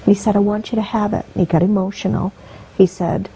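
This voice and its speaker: A woman's voice: medium pitch, little pitch movement, fast talker, gravelly, dark tone, a little hiss or hum, rough recording. A woman guest telling an emotional personal story, her voice rising and catching with feeling. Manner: heartfelt, voice rising and breaking with emotion.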